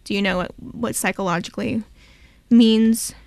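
A woman's voice: mid-range voice, fairly even intonation, normal speed, darkish tone, no echo. A young woman hosting a college radio show, chatty and joking in casual talk. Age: young adult.

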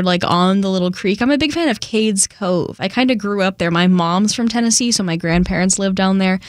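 A woman radio DJ talks in a relaxed, chatty way between songs. Her voice sits in the middle of the range and comes over a close studio mic with a very dry sound. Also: mid-range voice, fairly quick, few pauses, no echo. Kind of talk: casual radio DJ talk. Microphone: studio microphone.

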